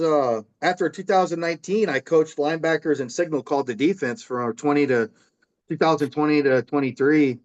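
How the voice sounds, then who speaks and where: A man telling lively stories as a guest in a casual conversation, acting out his own yelling. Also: fairly high pitch, dull audio. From Illinois. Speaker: guest, former semi-pro football player.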